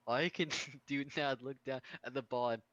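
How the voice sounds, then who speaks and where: A man with a bright, forward voice reads a dating game's narration aloud and riffs on it between lines. He laughs a lot as he goes, in a loose, casual playthrough. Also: mid-range voice, fairly quick, no room sound, dull audio. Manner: laughs often, reads narration then jokes about it. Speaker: player reading a dating game aloud. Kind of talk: casual game playthrough, reading and riffing.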